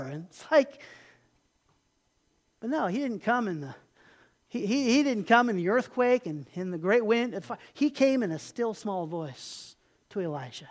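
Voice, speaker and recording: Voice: mid-range voice, lively intonation, normal speed. A pastor reads a scripture passage aloud, then preaches and leads a prayer in an earnest manner, often stumbling and repeating words. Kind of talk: sermon with scripture reading and prayer.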